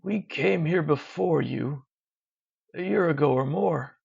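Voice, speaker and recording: Narrator putting on a dying trapped warrior, slurred, slow, very gravelly, husky, dull lo-fi sound. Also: mid-range voice, darkish tone, heavily acted. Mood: weak, pleading. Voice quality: slurred speech. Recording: dull lo-fi recording.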